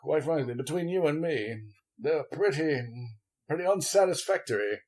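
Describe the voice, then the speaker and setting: A man playing a wordy, evasive Southern gentleman lawyer, flowery and polite, halting with many restarts. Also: fairly high pitch, animated, lightly acted. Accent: American Southern. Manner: florid, overly polite.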